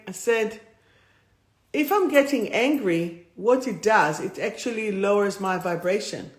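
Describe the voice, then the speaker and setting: A woman hosting a live stream as a spiritual coach, reading out cards and repeating affirmations with emphasis. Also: mid-range voice. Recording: roomy echo.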